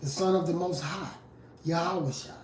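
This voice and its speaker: A street preacher and rap artist giving a fiery, confrontational live sermon, moving from low scripture reading to loud outbursts. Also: steady tone, normal speed, slight background noise. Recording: roomy echo from a distant mic.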